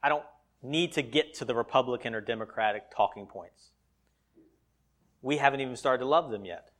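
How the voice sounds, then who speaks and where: A male pastor preaching a sermon, swinging between loud emphatic lines and quiet asides. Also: mid-range voice, normal speed.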